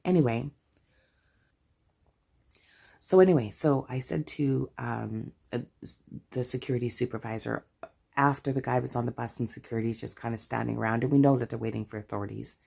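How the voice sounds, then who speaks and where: A woman's voice: rumbling low, fast talker, gravelly, dark tone, husky. A middle-aged Canadian woman telling a story in a casual chat, chatty and full of asides. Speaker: budgeting vlogger.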